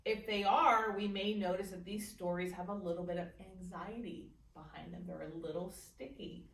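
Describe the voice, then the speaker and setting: Soft-spoken woman teaching meditation in an echoey room. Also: mid-range voice, fairly even intonation, normal speed, gravelly, far from the mic. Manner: gentle, playful, speaks to her thoughts in a soft aside voice. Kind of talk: guided meditation class. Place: library meeting room.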